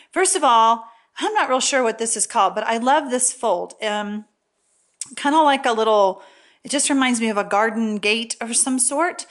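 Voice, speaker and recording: A woman's voice: fairly high pitch, a bit bright. A woman demonstrating a paper craft in a casual, chatty tutorial, often checking in with "okay?". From Texas.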